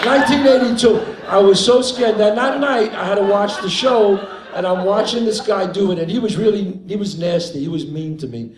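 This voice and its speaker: An older man from the Bronx with a New York accent spins an animated tale for a live audience and acts out the characters as he goes. His voice sits a little high for a man, and the stage sound rings around the room. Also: a little fast, few pauses. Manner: animated raconteur, acts out the people in his stories. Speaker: guest actor on stage. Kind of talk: live onstage storytelling. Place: theater stage before an audience. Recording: roomy live venue with crowd.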